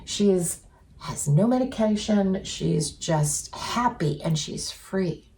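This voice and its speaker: A woman telling stories in an earnest, chatty way, full of fillers and with softly voiced quotes, as co-host of a casual talk. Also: medium pitch, lively intonation, takes it slowly. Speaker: co-host sharing spiritual experiences. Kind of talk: casual storytelling chat.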